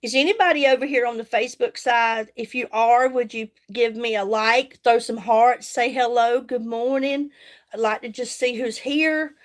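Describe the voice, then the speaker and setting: A woman's voice: on the high side, moderate pace. A middle-aged woman, chatting casually on a live stream while doing her makeup, folksy and greeting viewers by name. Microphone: phone.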